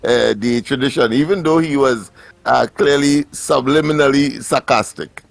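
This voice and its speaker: A man commenting on a talk radio show in a wry, measured way. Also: medium pitch, gravelly, no room sound. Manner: wry, measured, dry chuckles.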